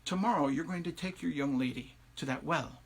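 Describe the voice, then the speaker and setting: A man's voice: on the high side, a little fast. A man voicing a shrewd old Irish wise woman with second sight, speaking in a knowing, unflappable, commanding way. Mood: reassuring.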